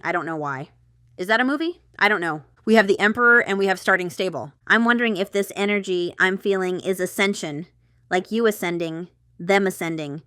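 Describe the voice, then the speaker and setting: A woman giving a casual tarot reading, chatty and excitable, thinking aloud with lots of fillers. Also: on the low side, clean tone, no room sound, studio quality. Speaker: tarot reader.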